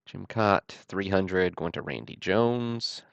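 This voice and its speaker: A slow-talking man with a very low, gravelly voice runs a card-break livestream, reading off cards in a steady, plain way. The sound is dry and a bit muffled, like lo-fi stream audio. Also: dry recording. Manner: steady, matter-of-fact listing with dry self-deprecating asides. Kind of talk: calling out trading cards on a livestream.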